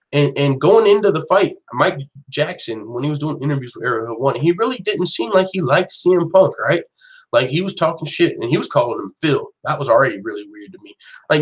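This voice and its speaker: A man hosting an online show, giving casual, profane, animated commentary full of quick restarts. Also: a little high, low-quality recording. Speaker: host of an MMA news channel.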